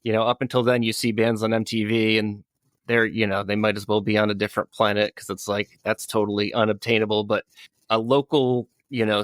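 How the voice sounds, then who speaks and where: Band member, man in his 40s: fairly low voice, dry close mic, loose and nostalgic delivery. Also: fairly bright tone, no room sound. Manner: nostalgic, loose, many likes and you knows. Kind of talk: casual interview chat.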